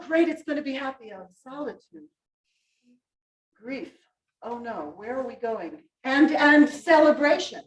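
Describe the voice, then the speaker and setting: A woman directing a choir rehearsal, coaching the singers and singing short phrases to show how they should go. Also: sits high. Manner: sings phrases to demonstrate, animated coaching. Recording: roomy rehearsal hall, from far off.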